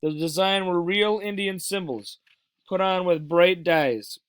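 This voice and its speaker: A man reading a children's novel aloud in a steady, plain manner with small stumbles. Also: high voice, a little slow, clear, resonant tone, no echo. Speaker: reader. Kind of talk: storybook read-aloud.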